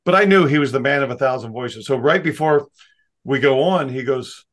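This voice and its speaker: A man, a magician, telling lively anecdotes as an interview guest. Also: mid-range voice. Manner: lively, doing quick voices for others. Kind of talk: anecdotal storytelling.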